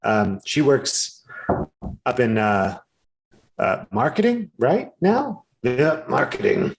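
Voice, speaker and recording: A man's voice: mid-range voice, wildly swooping pitch, slow pace, heavily acted, rough recording. A man voicing a friendly, nervous woman harvest worker who stammers and repeats herself eagerly.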